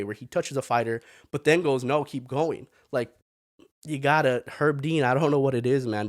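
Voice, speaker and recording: A man's voice: medium pitch, no room sound. A man in a mid-range voice hosting a sports podcast, talking loosely and opinionatedly as he riffs on the latest fights. He rambles a little and keeps tossing in "man". The sound is close and dry, with no room around it. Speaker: podcast host. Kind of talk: casual sports commentary.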